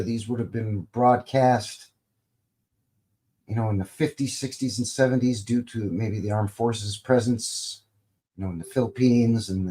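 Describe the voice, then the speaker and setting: A man's voice: medium pitch, warm tone. A middle-aged man from Canada hosting a live stream, chatting casually in a rambling, folksy way. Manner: rambling and folksy, many fillers and restarts.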